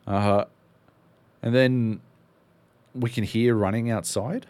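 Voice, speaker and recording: A man's voice: medium pitch, fairly even intonation, takes it slowly, darkish tone. An Australian man co-hosting a podcast, telling a rambling story full of fillers and swearing. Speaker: podcast co-host. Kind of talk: casual storytelling.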